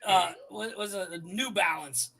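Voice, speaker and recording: A man bantering loudly in casual podcast chat. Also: high voice, a little slow, gravelly. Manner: loud joking banter. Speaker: podcast co-host.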